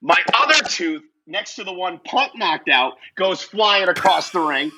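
A man, a wrestling commentator and guest, telling a personal anecdote in a lively way and laughing often. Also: high voice, a little slow, slight background noise, low-quality recording.

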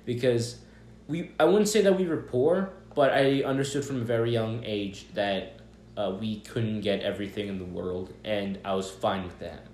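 A man's voice: lowish voice, moderate pace, a little mellow, slight background noise. A young man co-hosting a podcast, telling rambling stories and swearing a lot in casual chat. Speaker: podcast co-host. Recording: echoey room.

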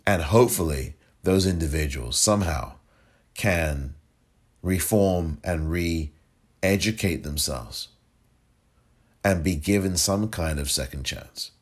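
A man hosting a podcast, reading a news story aloud with his own commentary in a measured, deliberate way, stumbling now and then. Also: low-pitched. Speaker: podcast host.

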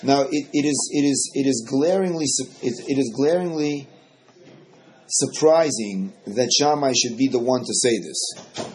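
A man teaching a Torah study class, animated and often repeating words as he explains. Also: mid-range voice, unhurried.

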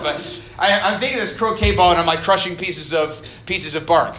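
Chatty young preacher in an echoey hall. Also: male voice, a little high, fairly quick, hardly any pauses, fairly bright tone, a little hiss or hum. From Idaho, US. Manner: chatty and self-deprecating, jokes with the audience. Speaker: college ministry director preaching. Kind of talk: casual storytelling sermon. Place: college meeting hall.

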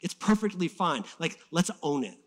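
A pastor preaching a sermon in a church, fired up and swinging between loud emphasis and soft-spoken moments. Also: male voice, on the high side, sing-song, normal speed.

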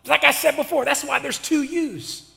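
A man's voice: very high-pitched, fairly even intonation, moderate pace, vocal fry, pushed and bright. A male pastor preaching an impassioned sermon with casual, slangy talk and call-and-response to his church. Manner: colloquial, slangy. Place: church sanctuary. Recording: reverberant hall.

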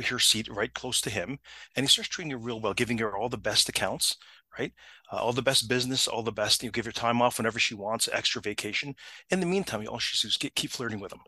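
A man telling a story in a casual chat, animated and acting out the people he quotes. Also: breathy edge, dry recording. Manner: animated, acts out quotes with big pitch jumps, frequent restarts.

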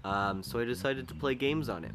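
A young man co-hosting a podcast, telling school stories in a relaxed, chuckling way. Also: medium pitch, fairly quick, background noise. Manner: laid-back, chuckles through his stories. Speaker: podcast co-host. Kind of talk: casual chat.

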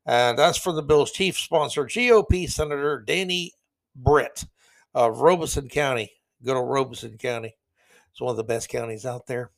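A man's voice: medium pitch, normal speed, vocal fry. A man hosting an opinion podcast, blunt and indignant, reading news items and firing off sarcastic remarks. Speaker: podcast host. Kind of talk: opinion commentary.

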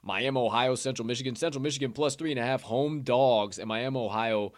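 A man's voice: medium pitch, a little fast. A man hosting a sports betting podcast, ranting in casual chat with heavy profanity. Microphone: podcast microphone.

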